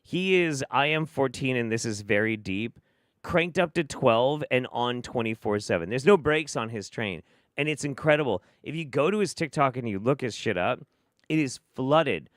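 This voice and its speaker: An American man hosts a stream and mocks the clips he plays with sarcastic, profane remarks. His voice sits at a middle pitch. He is recorded close and dry, with no room echo. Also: animated, moderate pace. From United States. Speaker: host. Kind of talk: commentary on clips.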